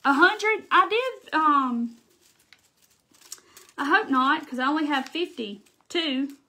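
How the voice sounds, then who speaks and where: High-voiced woman with a thick Southern accent. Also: lively intonation, slow pace, pushed and bright. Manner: chatty, reads out and thanks viewers' comments while working. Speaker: craft livestream host. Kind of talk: casual live crafting chat.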